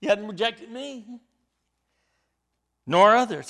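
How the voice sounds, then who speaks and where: Guy preaching a sermon, slow and emphatic, pitch jumping all over. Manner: emphatic, animated teaching with rising bursts.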